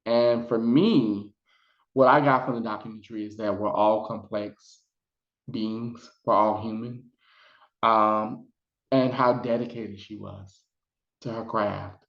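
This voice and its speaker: A man chatting casually in a video review, retelling scenes with lots of fillers. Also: lowish voice. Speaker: psychic vlogger reviewing a documentary. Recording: roomy, dull lo-fi sound.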